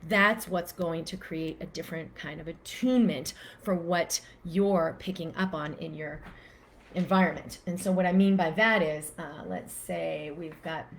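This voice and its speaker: A woman teaching in a casual, animated way, acting out the quoted voices of inner thoughts as she explains. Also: on the low side, slight background noise. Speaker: physician and wellness teacher.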